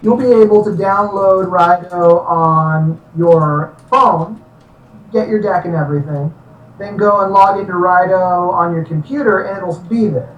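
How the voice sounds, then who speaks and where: A man's voice: sits high, a little slow, lo-fi sound. A man being interviewed about his game studio, jokey and upbeat in casual talk. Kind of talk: casual interview over a call. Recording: distant echoey mic with faint noise.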